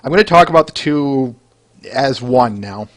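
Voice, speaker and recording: Sex: man. Role: podcast host. Style: casual, enthusiastic chat. Pitch: medium, lively. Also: normal speed. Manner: enthusiastic, chatty, with fillers and laughs. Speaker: podcast host reviewing fan art.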